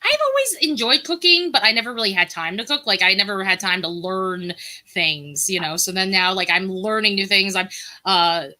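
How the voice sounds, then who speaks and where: Woman guest from Brooklyn, very bright tone, rambling casual chatter, talking over a video call. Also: mid-range voice, lively intonation, moderate pace. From Brooklyn, New York. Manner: chatty and rambling, many filler words. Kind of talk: casual chat on a live-streamed talk show.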